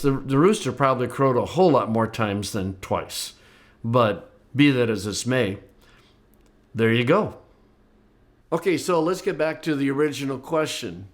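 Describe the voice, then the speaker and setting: Man explaining scripture, lively teacher. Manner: lively, voices the quoted speakers with rising pitch. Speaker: Bible teacher. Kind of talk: explanatory lecture.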